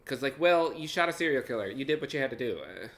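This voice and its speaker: A man's voice: medium pitch, lively intonation, quick pace, soft background music. A young man hosting a reaction video, talking casually and animatedly, swearing and thinking aloud as he reacts.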